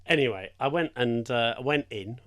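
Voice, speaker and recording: Chatty radio presenter, older. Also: male voice, mid-range voice, normal speed, a bit bright. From England. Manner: chatty storyteller who laughs often. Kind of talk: casual chat. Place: radio studio.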